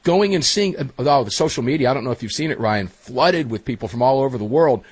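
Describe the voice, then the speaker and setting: A man hosting a casual chat show, telling stories in a chatty, animated way. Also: mid-range voice, fast talker, slightly rough, no echo. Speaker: host.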